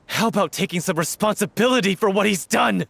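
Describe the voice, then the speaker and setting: A man voicing a grieving, hot-headed male actor in a video game, with a shouting, accusing and bitter way of speaking. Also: high voice, a little fast, vocal fry, no room sound, full character voice. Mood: furious. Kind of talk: game voice acting. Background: game music.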